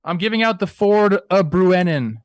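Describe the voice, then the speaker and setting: A young man co-hosting a casual sports talk show, animated and playful, acting out quotes in goofy voices. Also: sits high, normal speed, dry recording, studio quality. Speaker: podcast co-host.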